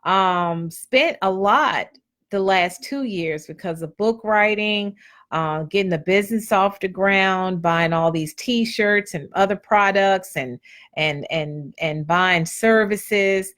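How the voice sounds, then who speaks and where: Slow, blunt preachy woman host. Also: mid-range voice, fairly bright tone. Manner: preachy and blunt, colloquial, repeats phrases. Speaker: host of a live motivational stream. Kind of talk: casual motivational talk.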